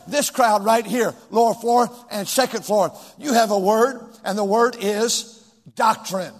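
A middle-aged man with a very high voice preaches a sermon to a packed church with a balcony. He throws questions to the crowd and pushes the answers back at them, climbing into shouts. His voice carries a long reverb from the large hall. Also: measured pace. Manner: preaching with call-and-response, rising to shouts. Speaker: pastor.

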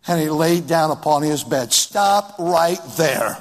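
High husky preacher in a reverberant church. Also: male voice, animated. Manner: preaching with sudden rises and drawn-out slow phrases. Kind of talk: sermon.

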